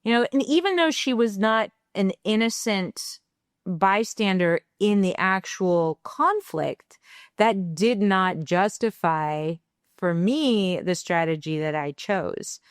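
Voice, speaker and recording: A woman's voice: fairly low pitch, takes it slowly, clear, resonant tone, no echo, studio quality. A woman co-hosting a parenting podcast, telling a candid personal story and acting out the quoted lines as she goes. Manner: animated, acts out quoted dialogue; reflective and candid. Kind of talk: conversational storytelling.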